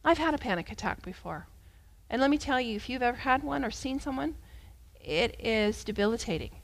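Animated woman preacher telling a story. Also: on the high side, brisk, gravelly. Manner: animated and conversational, with big swings between loud and hushed. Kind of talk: storytelling sermon.

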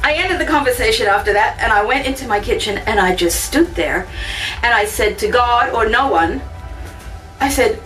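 A woman giving a personal church testimony, telling her story with animated ups and downs. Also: moderate pace, recorded from a distance, soft background music, rough recording. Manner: animated storytelling, voice rising high when excited.

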